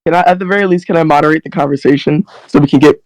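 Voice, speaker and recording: A man's voice: on the high side, fairly even intonation, racing, darkish tone, dry recording, poor audio. A man moderating an online voice-chat debate, who eagerly and repeatedly tells the others to chill. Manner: eager, repetitive, keeps telling others to chill.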